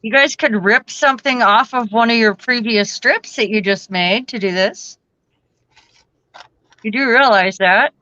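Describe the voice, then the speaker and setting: Slow-talking woman co-host. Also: a little high, pushed and bright, lo-fi sound. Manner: laughs often, gives crafting tips to viewers. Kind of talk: casual chat while crafting.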